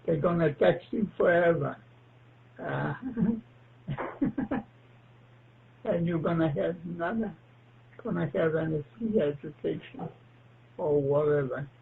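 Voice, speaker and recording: A man, a ham radio operator, chatting slowly and haltingly on air with lots of pauses. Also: a little high, vocal fry. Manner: slow, halting, with frequent pauses and fillers. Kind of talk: casual on-air chat. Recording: tinny radio transmission with faint hiss.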